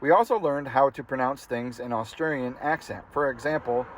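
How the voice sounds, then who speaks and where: A man's voice: medium pitch, moderate pace, slight background noise. Man casually reading a memoir aloud. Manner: casual, amused reading that breaks into laughter. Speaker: audiobook reader.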